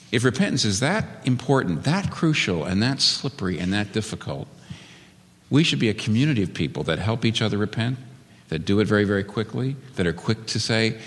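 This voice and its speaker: A man preaching a sermon as pastor, his voice leaping up for emphasis and dropping low to make a point. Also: animated, a little fast, a bit bright, in a large hall.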